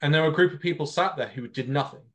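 A man, his voice sitting a little higher than most men's. He tells a long story with animated energy, carrying on from one point to the next in a casual political chat. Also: racing.

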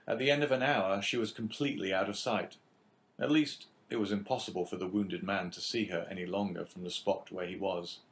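A man narrating a classic novel as an audiobook in a measured, even reading. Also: deep voice.

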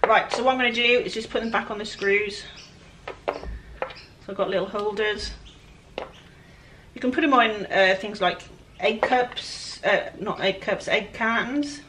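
Over background noise, a chatty Welsh woman who flips furniture vlogs from an outdoor work area with flies, talking to viewers as she works. Her mid-range voice moves at a moderate pace with frequent pauses, and her casual narration is self-deprecating.

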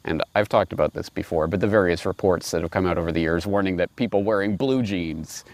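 A man's voice: deep voice, quick pace, darkish tone. A man commenting casually as host, with frequent hesitations.

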